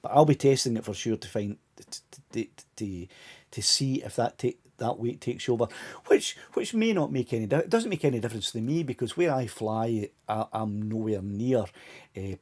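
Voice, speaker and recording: Chatty Scottish man about sixty, mellow. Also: mid-range voice, moderate pace. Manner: rambling, chatty, many restarts and chuckles. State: voice tiring, fading. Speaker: live stream host. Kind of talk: casual live stream chat.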